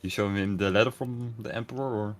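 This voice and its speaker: A man running a tabletop game as game master, relaxed and laughing often. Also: fairly low pitch, fast, soft background music.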